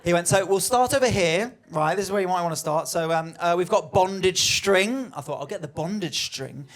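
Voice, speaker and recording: A man's voice: sits high, a little fast. A young man performing a stand-up comedy set, telling a story and acting out the voices of the people in it. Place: comedy venue on stage.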